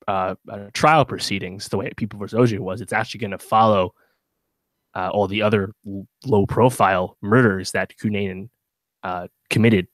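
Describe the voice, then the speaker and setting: Low-voiced rambling podcast co-host, dry sound. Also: male voice, dry recording. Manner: rambling, many fillers and restarts. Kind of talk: casual chat.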